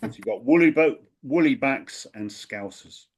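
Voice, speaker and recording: Curious interviewer from southern England. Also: male voice, medium pitch, animated, normal speed. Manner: curious, asks short follow-up questions. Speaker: language coach host. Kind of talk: casual interview.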